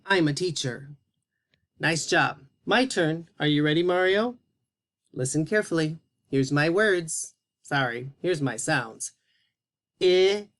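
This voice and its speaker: A male teacher giving a phonics lesson to young children, speaking slowly and encouragingly and spelling out each word with care. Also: on the high side, a bit bright. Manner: slow, encouraging, carefully spelled-out words for young kids.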